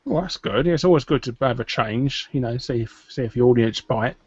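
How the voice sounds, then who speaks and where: A man's voice: medium pitch, a little fast, darkish tone, husky, no room sound. A man on a live stream chatting bluntly and joking with the other guests. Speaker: guest YouTuber. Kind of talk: casual live-stream chat. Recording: dull dry lo-fi sound.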